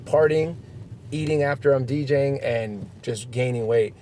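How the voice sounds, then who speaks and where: Animated male host telling stories. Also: mid-range voice, normal speed, a little hiss or hum. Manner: animated storyteller, acts out quotes. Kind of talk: casual chat.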